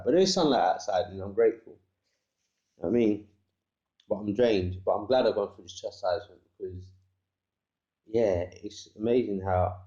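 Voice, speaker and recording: A man's voice: fairly low pitch, mellow. A man in a meandering religious monologue, quoting scripture and mixing in street slang, recorded in an echoey room with dull lo-fi sound.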